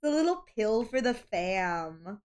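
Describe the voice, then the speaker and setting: A woman's voice: medium pitch, very animated, slow pace, a little mellow. A woman streaming while drawing, chatting casually in a rambling, giggly way and swearing now and then. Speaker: art streamer.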